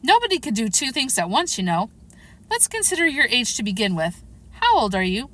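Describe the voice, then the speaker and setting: A woman reading aloud, voicing a fussy, muddled queen who lectures in a lofty way and breaks into shrill screams. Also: big pitch swings, fairly quick, a bit bright. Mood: fussing. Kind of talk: audiobook character reading.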